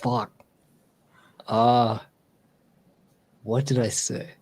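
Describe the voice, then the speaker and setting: A man's voice: mid-range voice, little pitch movement, extremely slow, a little mellow, poor audio. A man streaming casually, telling a long story with lots of fillers and restarts. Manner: rambling storyteller with many fillers. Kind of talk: casual live-stream chat.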